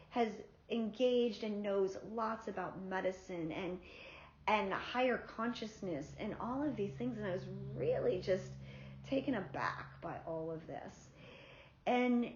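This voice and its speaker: A woman vlogger from South Florida telling a personal story in a candid, profane, animated way. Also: fairly high pitch, slight background noise. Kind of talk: casual storytelling. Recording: roomy, slightly dull sound.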